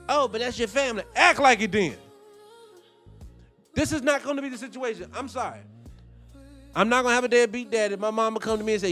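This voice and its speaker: A man's voice: sits high, a bit bright. A man hosting a commentary show, ranting in a heated, profane, preaching way. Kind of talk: live-stream commentary with viewer shout-outs.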